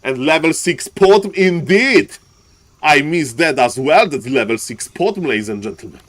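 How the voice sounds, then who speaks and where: A man casting a live strategy game match, jumping between calm play-by-play and excited yelling, repeating his catchphrases. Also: a little high, a little slow. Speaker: game caster. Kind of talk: live esports commentary.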